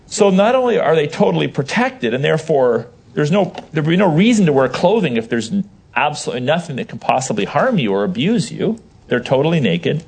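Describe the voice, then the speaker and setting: Animated male Bible teacher. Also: a little high, gravelly, husky. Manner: animated, emphatic, asks the audience questions. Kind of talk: interactive Bible class teaching.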